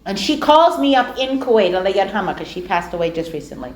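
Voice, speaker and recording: A middle-aged woman giving a storytelling lecture, animated and acting out the dialogue of her anecdotes. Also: medium pitch, quick pace. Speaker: speaker giving a talk on dawah. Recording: echoey room.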